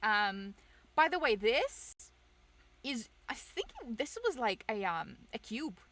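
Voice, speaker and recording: A woman's voice: fairly high pitch, big pitch swings, takes it slowly, a bit bright. A young woman streamer chatting casually with her viewers, rambling, self-deprecating and laughing often.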